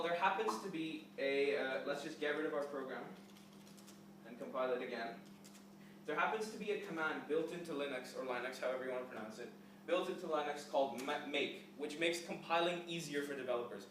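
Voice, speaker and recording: Recorded from afar in a reverberant lecture hall, a young man runs a live coding demo in an informal class, explaining each step with fillers. His voice is fairly high-pitched and fairly bright, with slight background noise present.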